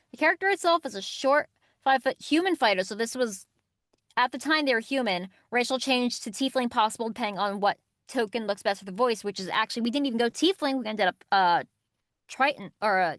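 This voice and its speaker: Lively young woman voice actress, dry sound. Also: fairly high pitch, brisk, dry recording. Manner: lively, laughing, reads aloud from notes. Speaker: voice actress guest. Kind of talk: casual interview chat.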